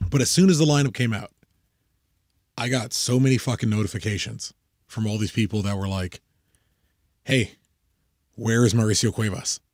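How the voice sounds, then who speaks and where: A man co-hosting a podcast, swearing freely and telling animated stories before giving soccer commentary. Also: lowish voice, a little fast, no echo, clean studio sound. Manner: profane, animated storytelling, emphatic. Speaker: podcast co-host. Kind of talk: casual chat and soccer commentary.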